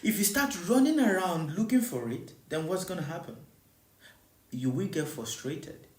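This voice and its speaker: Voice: mid-range voice, lively intonation, normal speed, roomy sound. A spiritual teacher giving a live teaching, repeating points and asking listeners again and again whether they understand. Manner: repeats rhetorical questions to listeners; repetitive, emphatic preaching.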